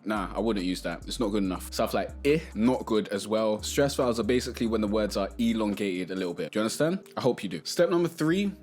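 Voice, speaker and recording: A man hosting a casual music tutorial, talking to camera in a relaxed, chatty way and sometimes singing short melody snippets. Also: lowish voice, fast, hardly any pauses.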